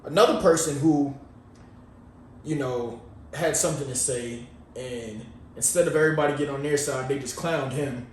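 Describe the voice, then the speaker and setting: He's a podcast co-host rambling in a relaxed, slangy casual chat. His mid-range voice moves at a moderate pace. The mic is distant, picking up an echoey room and faint noise.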